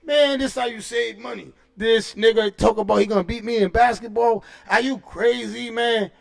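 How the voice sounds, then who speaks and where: A man hosting a casual livestream, giving shout-outs and boisterous, profane trash talk full of street slang and "you know what I'm saying.". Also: very high voice, fairly even intonation, moderate pace, creaky. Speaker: livestream host.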